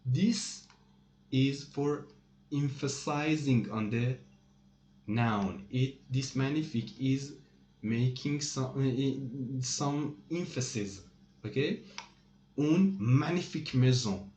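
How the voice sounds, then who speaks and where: A man teaching a French lesson in English. He explains slowly, with many "uh" pauses, and stresses each English meaning. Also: medium pitch, darkish tone. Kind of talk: slow, hesitant lesson explanation. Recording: echoey room with faint typing noise.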